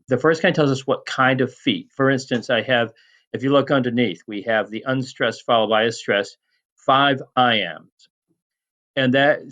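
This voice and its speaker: Guy teaching latin meter, middle pitch, stops and restarts a lot. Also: fairly bright tone, highs cut off. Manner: measured, frequent restarts and fillers. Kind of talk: recorded lecture.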